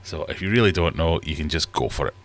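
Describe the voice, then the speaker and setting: Low-voiced chatty man host. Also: quick pace, a little hiss or hum. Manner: rambling, chatty, self-deprecating. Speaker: livestream host. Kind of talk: casual livestream chat. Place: home fish room.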